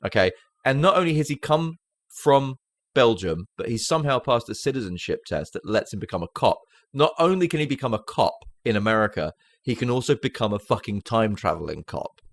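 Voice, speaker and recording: A man's voice: medium pitch, animated, brisk, no echo, clean studio sound. A man in his thirties co-hosting a podcast, chatting casually and animatedly, swearing and acting out scenes. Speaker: podcast co-host. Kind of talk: casual movie chat.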